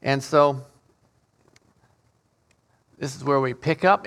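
Guy doing a casual bible study, reads the old king james verses then explains, keeps restarting and repeating words, mid-pitched voice. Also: slow, creaky, long pauses, a bit bright. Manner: reads scripture aloud in King James wording. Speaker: Bible teacher. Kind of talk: informal Bible study teaching.

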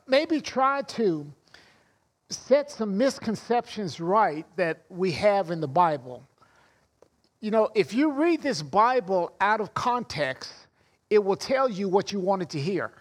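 Male pastor, very high voice, earnest sermon delivery with emphatic quotes. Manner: prays and preaches, stresses quoted phrases.

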